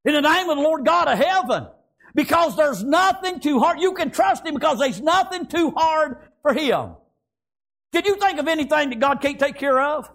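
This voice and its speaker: A man's voice: very high voice, lively intonation, moderate pace, vocal fry, fairly bright tone. A man preaching a fervent sermon, breaking often into "praise God" and asking the congregation "Amen?". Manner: fervent, repeats praise phrases and call-and-response "Amen?".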